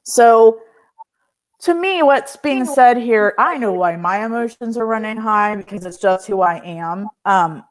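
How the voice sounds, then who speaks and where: A woman hosting a live stream, reading oracle cards and chatting with viewers by name, laughing often. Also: medium pitch. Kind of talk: casual live-stream chat.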